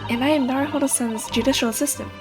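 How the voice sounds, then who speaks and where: A courteous young woman assisting a lawyer, gentle and formal in her speech, as the streamer reads her. The voice sits high, and game music plays behind. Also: fairly even intonation, very fast, close to an everyday voice.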